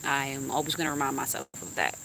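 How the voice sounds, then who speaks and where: A woman's voice: rumbling low, lively intonation, fast, gravelly, pushed and bright, slight background noise. A young woman YouTuber venting bluntly to her live stream chat, cussing freely.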